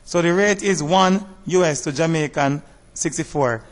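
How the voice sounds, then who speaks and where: A man teaching a math lesson over slides, explaining step by step in a measured way and asking rhetorical questions. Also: on the high side, big-room sound.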